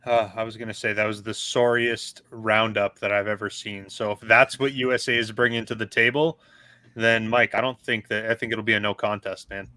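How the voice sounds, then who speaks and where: A man's voice: lowish voice, flat delivery, moderate pace, pushed and bright, no room sound. A man co-hosting a casual gaming podcast, ribbing his friends. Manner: ribbing, teasing. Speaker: co-host.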